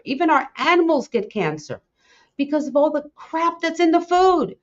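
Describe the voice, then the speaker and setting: Through a dull, lo-fi recording, a middle-aged podcast host chats in an impassioned, meandering way, circling back over the same points. Her voice is high and sing-song, at normal speed.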